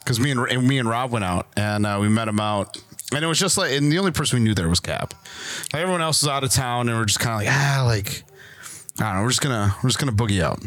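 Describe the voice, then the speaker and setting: A man's voice: mid-range voice, quick pace, no echo. A man hosting a casual podcast chat, telling a story and acting out the dialogue. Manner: animated storyteller, acts out quoted dialogue. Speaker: podcast host.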